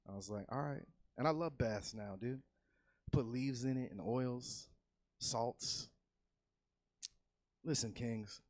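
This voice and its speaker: A man doing a loose, profane stand-up set on a comedy club stage, swinging from easy chatter into loud yelled bits. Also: mid-range voice, slow, pauses often, no room sound. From California.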